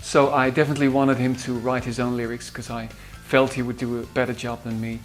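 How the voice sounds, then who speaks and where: A man with a Dutch accent, a musician recalling studio sessions in a halting way with many fillers. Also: mid-range voice, flat delivery, soft background music. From Netherlands. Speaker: musician and producer. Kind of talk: behind-the-scenes recollection.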